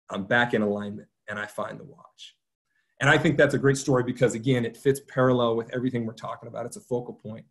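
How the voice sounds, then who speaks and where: A man giving a devotional talk to young athletes, telling stories with energy and shifting volume. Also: medium pitch. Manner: energetic storytelling, varies loudness. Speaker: guest speaker.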